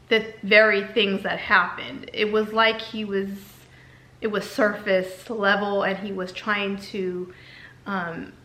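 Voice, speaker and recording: A woman's voice: mid-range voice, bright, forceful tone. A woman candidly telling a personal story in a vlog, emotional and repeating herself as she talks. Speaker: vlogger. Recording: echoey room.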